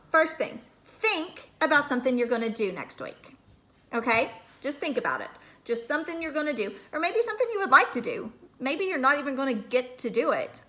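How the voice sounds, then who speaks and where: A woman teaching a remote phonics lesson to kindergarteners, patiently sounding out words slowly and checking in with "okay?". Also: fairly high pitch, pushed and bright. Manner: slow, drawn-out sounding out of words.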